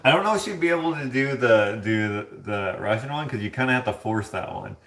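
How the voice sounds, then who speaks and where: A joking, chatty man hosts a casual live stream from his home kitchen. He laughs often as he answers viewers and washes the dishes. His mid-pitched voice rings in an echoey room. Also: animated, a little fast, a bit bright. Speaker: livestream host reading chat.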